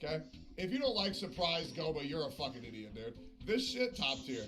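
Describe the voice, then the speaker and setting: A man's voice: fairly high pitch, big pitch swings, a little fast, a bit bright, faint music behind. A man chatting on a live game stream, swearing often and slipping into passive-aggressive sarcasm. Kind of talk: casual live-stream chat.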